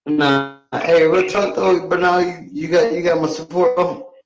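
A man's voice: on the high side, level tone, normal speed, reverberant, soft background music, rough recording. A man calling in to a show, talking in blunt, profane slang and laughing easily. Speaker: caller. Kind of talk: casual call-in chat.

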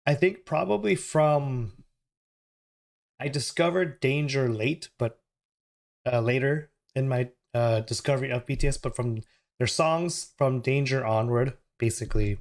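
An unhurried man chats easily on his reaction channel, his voice hoarse and worn from a recent illness. Speaking at a normal middle pitch, he wanders off track, fixes his sentences partway through, and keeps apologizing, all recorded at home as everyone else sleeps.

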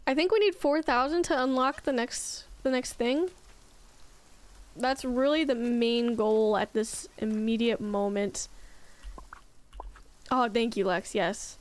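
A young woman livestreaming a game, with a high, light voice and an unhurried, drawn-out delivery. She giggles often and chats loosely with her viewers as she plays. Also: fairly even intonation. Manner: giggly, chatty, reads out and answers chat. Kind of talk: casual gameplay chat with viewers.

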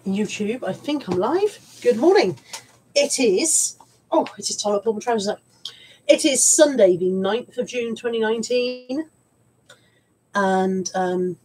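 A woman's voice: mid-range voice, a little mellow, breathy edge, poor audio. A woman with a stuffy head cold, chatting in a rambling, self-mocking way on a live stream from home. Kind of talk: casual live-stream chat.

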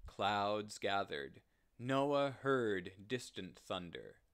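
A man reading a story aloud in a slow, deliberate, gentle telling. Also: lowish voice, very animated, clean tone. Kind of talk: read-aloud story narration.

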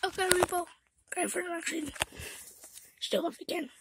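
Rambling female vlogger, very high-pitched, slips into whispers. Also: fairly even intonation, moderate pace, background noise. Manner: rambling, often drops to a whisper. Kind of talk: casual rambling chat to camera.

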